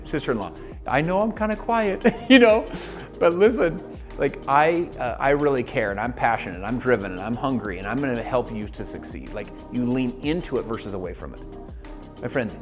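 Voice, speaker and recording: An energetic man coaches his viewers straight to camera, mid-pitched and fast-moving. He acts out the voices of the people in his stories. A faint bed of music plays under him. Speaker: network marketing coach. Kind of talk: motivational video talk.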